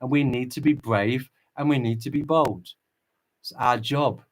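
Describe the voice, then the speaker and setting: A man's voice: mid-range voice, unhurried. A man hosting a livestream, reading viewer chat and preaching with impassioned fervor. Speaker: channel host.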